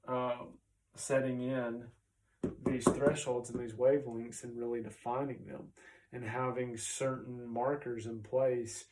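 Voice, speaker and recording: A man's voice: mid-range voice, darkish tone, far from the mic, poor audio. A man, a chiropractor, explaining health ideas in a casual, conversational way, often checking in with "right?" and pointing to a chart as he goes.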